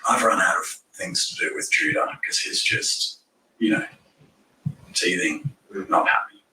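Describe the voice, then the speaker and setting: A man's voice: mid-range voice, huge pitch swings, a little slow, sharp tone. A man recounting events in a police interview, rambling and acting out what others said. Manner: rambling, acts out others' lines. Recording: echoey room, distant mic, faint hiss.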